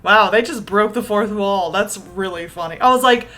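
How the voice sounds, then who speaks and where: Woman streamer, giggly commentary, bright voice, faint game music. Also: medium pitch, normal speed. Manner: giggly and animated reactions.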